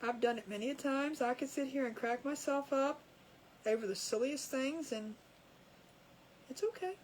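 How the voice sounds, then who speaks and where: High-pitched chatty woman crafter. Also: normal speed, a little mellow, a little hiss or hum, rough recording. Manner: chatty, laughs at her own jokes. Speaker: crafting livestream host. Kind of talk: casual chat while crafting. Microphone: camera over a crafting table.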